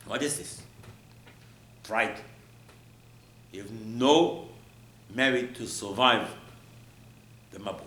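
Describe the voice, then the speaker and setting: A man giving a sermon as a rabbi, animated, often jumping up in pitch to mock people. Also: slow pace, pauses often. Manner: animated, acts out mocking voices, jumps high in pitch. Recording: echoey room with faint ambient noise.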